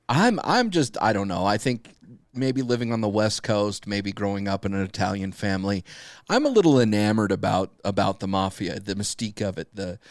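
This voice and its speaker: Low-voiced halting podcast host, a man. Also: no echo, clean studio sound. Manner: halting, restarts his sentences. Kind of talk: interview questions.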